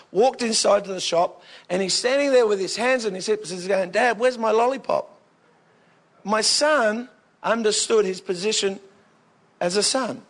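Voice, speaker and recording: Australian preacher with a high voice, working the congregation with lively comic stories. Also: male voice. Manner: animated, jokey, swings into bursts of excitement. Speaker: pastor. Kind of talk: humorous storytelling sermon.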